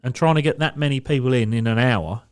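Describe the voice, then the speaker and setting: A man's voice: medium pitch, fast talker, smooth. A man co-hosting a podcast, telling a story in casual chat and swearing freely. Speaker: podcast co-host.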